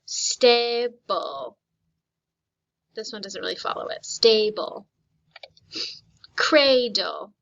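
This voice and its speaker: A woman teacher leading a phonics lesson, slowly modeling words for children to repeat. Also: medium pitch, expressive, gravelly, fairly bright tone. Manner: slow, deliberate modeling of words for repetition. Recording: slightly dull lo-fi recording.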